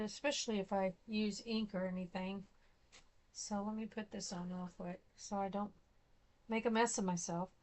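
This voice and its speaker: A middle-aged woman chatting casually as she works on a craft project, rambling and laughing often. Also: medium pitch. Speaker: craft vlogger.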